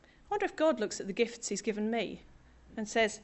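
A woman's voice: a little high, sing-song, brisk. A middle-aged woman from Britain preaching a sermon to a congregation, conversational and self-deprecating with humour.

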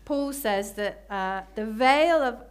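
Woman preacher, slightly high voice, emphatic sermon delivery that slows for key phrases. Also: lively intonation, smooth. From Britain.

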